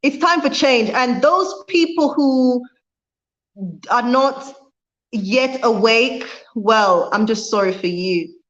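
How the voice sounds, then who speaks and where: A woman speaks on a livestream in a fiery, preaching way, hammering home each point by saying it again. Her voice sits fairly high. The sound is dull and lo-fi, like a built-in device mic. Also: slow, fairly bright tone. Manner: reads viewer comments aloud. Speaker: vlogger. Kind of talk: impassioned livestream talk.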